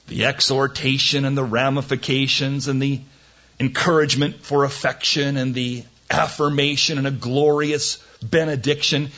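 A man's voice: mid-range voice, fairly bright tone, muffled recording. A man teaching through a Bible passage in a sermon, earnest and folksy, rising to emphatic, incredulous questions. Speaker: pastor.

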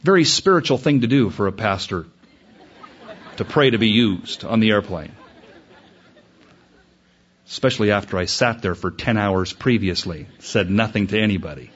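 A pastor preaching to his congregation, his voice a little husky and his delivery animated, jumping upward on key points. The recording sounds dull and muffled, like an old sermon tape. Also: normal speed, pauses often. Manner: animated, rising in pitch when emphatic. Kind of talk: sermon storytelling.

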